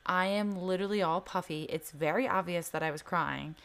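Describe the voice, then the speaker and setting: A woman's voice: fairly low pitch, fairly quick, a bit bright. A young woman telling a personal story in casual podcast chat, candid and swearing freely, full of "like" fillers. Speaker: podcast co-host.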